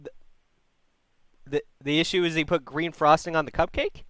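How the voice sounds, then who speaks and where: A man's voice: fairly high pitch, steady tone, moderate pace, a bit bright, dry recording. A male call-in host giving blunt, profane relationship advice. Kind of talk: call-in advice show banter.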